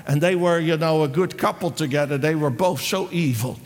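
A man preaching, retelling a story in a lively, repetitive way with frequent restarts. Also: a little high, a little fast, in a large hall. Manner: animated, repeats himself, restarts often. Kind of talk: sermon storytelling.

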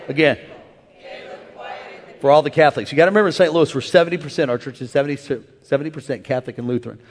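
Pastor, male, high voice, call-and-response sermon, rising to shouts, big echoing church hall. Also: racing, long pauses. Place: large church auditorium. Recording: long hall reverb.

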